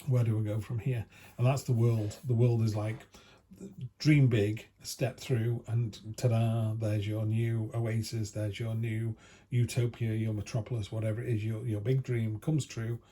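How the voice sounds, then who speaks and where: This tarot reader's voice sits on the low side, dark in tone, with a flat delivery and a slightly slow pace. Chatty and enthusiastic, he gives a casual, filler-heavy reading at home beside a field, while dogs pass amid faint outdoor ambience.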